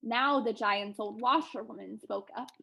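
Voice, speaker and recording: Woman librarian, storybook read-aloud, expressive, high voice. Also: a little slow, vocal fry, rough recording.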